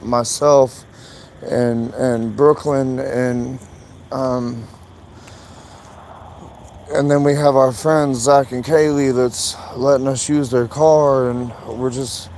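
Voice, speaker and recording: Guy rambling on his live stream, flat voice, lots of ums and swearing, faint outdoor noise. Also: medium pitch, poor audio. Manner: rambling, halting, with many fillers and profanity. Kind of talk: emotional casual live stream monologue.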